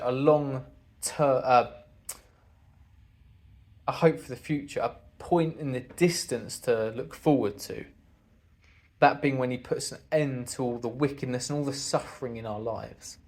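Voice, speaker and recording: A man's voice: mid-range voice, a little slow, a little mellow. A man giving an earnest sermon talk to a congregation, speaking conversationally and asking the listeners rhetorical questions.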